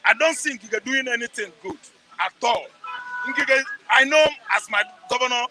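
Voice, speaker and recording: A middle-aged Nigerian man gives an impassioned street interview. He preaches, repeats phrases for emphasis, sometimes shouts, and asks himself rhetorical questions. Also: extremely high pitch, normal speed, background noise.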